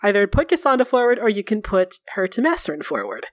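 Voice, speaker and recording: A woman narrating as game master of a tabletop role-playing game, animated and laughing often. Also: medium pitch, quick pace, no echo, studio quality.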